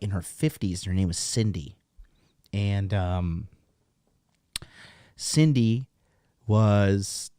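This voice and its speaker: Brief: man, low dry voice, blunt profane host rambling to camera while seated. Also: mellow, no echo. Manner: blunt, heavy swearing, rambling asides. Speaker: dating coach host. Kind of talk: casual profane rant to camera. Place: seated at a desk, indoors.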